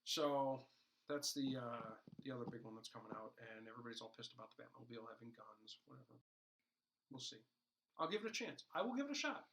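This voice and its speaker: A man's voice: medium pitch, expressive, fast, creaky, background noise. A man co-hosting a casual podcast chat, rambling along with jokes, fillers and restarts. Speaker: podcast co-host.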